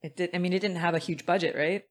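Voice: medium pitch, fairly even intonation, fast. Hesitant podcast guest, mid-range voice. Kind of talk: casual movie-discussion chat.

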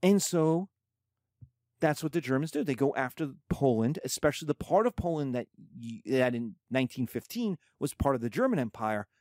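A man explaining history in a lively, conversational lecture with quick spoken asides. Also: mid-range voice, no echo, clean studio sound.

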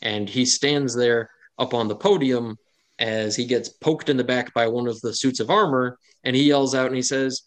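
A man runs a tabletop game as its game master, narrating the scene at an ordinary mid pitch. He talks in a chatty way, full of fillers, and laughs often. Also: steady tone, normal speed.

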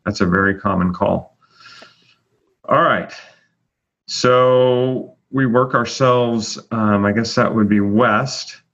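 A man's voice: lowish voice, takes it slowly, a bit bright. A man hosting a casual chat, chatty and full of fillers as he announces rankings. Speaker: host. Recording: dull lo-fi audio.

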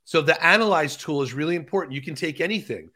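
A man with a bright, forceful voice sitting a little high in his register. He walks the listener through ideas in an easy conversational way, slowing down on key phrases and often restarting his sentences. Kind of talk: conversational explainer.

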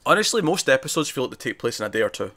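A man's voice: medium pitch, sing-song, racing, fairly bright tone, dry recording. A man co-hosting a casual review chat, talking in an analytical way with lots of restarts. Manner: chatty, analytical, frequent restarts. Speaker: podcast co-host.

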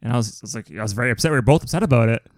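A man co-hosting a podcast, telling stories in a lively, swearing, casual way. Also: mid-range voice, racing, no echo, clean studio sound. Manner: animated, swearing storyteller. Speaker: podcast co-host. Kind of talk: casual chat.

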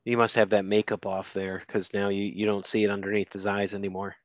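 A man's voice: fairly low pitch, flat delivery, fairly quick, no room sound. A man co-hosting a casual comics chat, adding joking asides. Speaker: podcast co-host.

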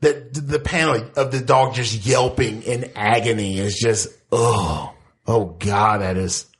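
A man's voice: fairly low pitch, measured pace. Casual swearing man on a comics podcast. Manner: rambling, swears casually, laughs often. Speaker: podcast co-host. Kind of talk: casual comic book chat.

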